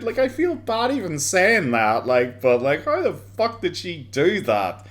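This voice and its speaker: A man's voice: sits high, huge pitch swings, measured pace, hardly any pauses, fairly bright tone. A drunk Irish man from Dublin rambling through mocking commentary, swearing often and laughing between lines. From Ireland.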